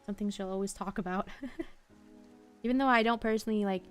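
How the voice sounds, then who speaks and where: Young female streamer, gentle low-key delivery, mid-pitched, soft music bed behind. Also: fairly quick. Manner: soft-spoken, mumbling, drifting thoughts. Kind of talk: relaxed live-stream chat. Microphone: headphones half off, desk mic.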